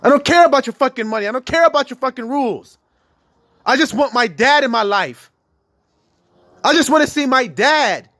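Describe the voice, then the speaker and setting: Picture a man putting on a heartbroken nine-year-old girl with a voice pushed far up and pressed loud. She pleads and insists, cursing at the adults around her. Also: very high-pitched, expressive, moderate pace, long pauses, no echo, voice pushed up, exaggerated voice. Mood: pleading, angry.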